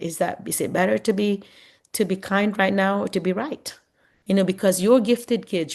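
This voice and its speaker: Chatty woman mentoring teachers. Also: lowish voice. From Philippines. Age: middle-aged. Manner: chatty and warm, laughs often, acts out what students say. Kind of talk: Zoom mentoring talk. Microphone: video call.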